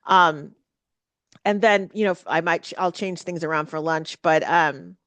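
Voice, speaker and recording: A woman's voice: fairly low pitch, measured pace, a bit bright, no room sound. A woman hosting a casual solo podcast, rambling with lots of fillers and restarts. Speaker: podcast host.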